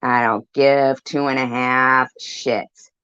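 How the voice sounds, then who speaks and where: A woman with a very deep voice gives a profane, defiant commentary, repeating her points. Her voice is dry and close, with no room sound. The audio is dull and muffled. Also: level tone, takes it slowly, fairly bright tone, smooth, dry recording. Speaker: commentary channel host. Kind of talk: angry commentary over played clips.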